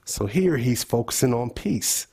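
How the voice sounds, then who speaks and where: Husky man leading a bible study. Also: medium pitch, animated, a little slow, darkish tone. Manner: thinking aloud, asks the group questions.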